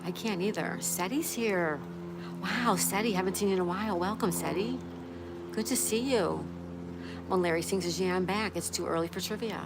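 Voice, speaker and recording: A woman's voice: mid-range voice, moderate pace. A woman hosting a casual livestream, reading viewer comments aloud and greeting each viewer by name in a friendly way. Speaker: livestream host. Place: outdoors. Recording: steady outdoor background noise.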